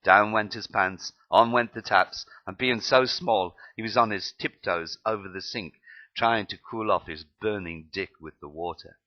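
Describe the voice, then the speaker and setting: Deep-voiced man reading his memoir aloud, plain delivery, lo-fi sound. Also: a little slow. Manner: plain reading with slips and restarts. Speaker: narrator.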